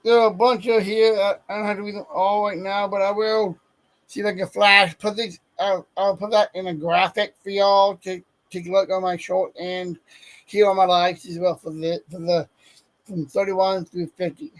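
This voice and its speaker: A man's voice: sits high, level tone, normal speed, low-quality recording. A man hosting a casual sports talk show, reading off a list of names and often stumbling and correcting himself. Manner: stumbles over player names, self-correcting. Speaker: sports podcast host.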